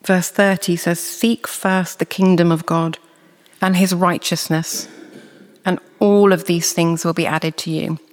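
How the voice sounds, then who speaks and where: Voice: mid-range voice, little pitch movement. Earnest preacher in a reverberant hall. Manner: measured, earnest, reads scripture slowly. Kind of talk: sermon.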